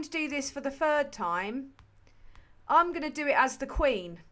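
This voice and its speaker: A woman's voice: high-pitched, expressive, a little slow, fairly bright tone. A woman hosting a livestream, chatting casually about politics in a sweary, rambling, sardonic way full of fillers. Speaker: livestream host.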